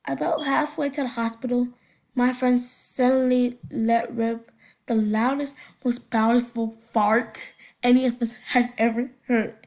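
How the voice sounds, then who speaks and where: A young woman reads funny stories aloud in an easy, unhurried way. Her voice sits a little high. She stumbles over words, corrects herself and breaks off with giggly asides. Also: fairly even intonation, darkish tone. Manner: halting read-aloud with slips and giggly asides. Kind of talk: casual reading aloud.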